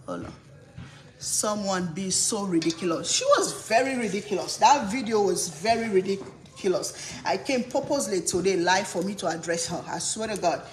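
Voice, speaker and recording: A woman's voice: mid-range voice, moderate pace. A woman from Africa, a cooking channel host, ranting indignantly and emphatically on a live stream, often repeating herself. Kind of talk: heated livestream rant. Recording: echoey room, faint background noise.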